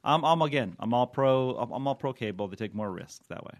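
A man co-hosting a podcast in casual chat, joking and halting, with many fillers and restarts. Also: medium pitch, lively intonation. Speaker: podcast co-host.

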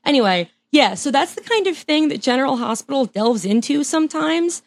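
A woman's voice: high voice, expressive, brisk. A woman chatting as a podcast guest, talking eagerly and laughing often as she restarts her sentences. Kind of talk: casual interview chat.

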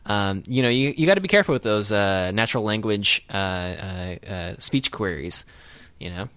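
A man's voice: lowish voice, expressive, normal speed, fairly bright tone, smooth. A man co-hosting a podcast, chatting casually about a movie, rambling and laughing with lots of fillers. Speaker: podcast co-host. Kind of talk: casual movie-riffing chat.

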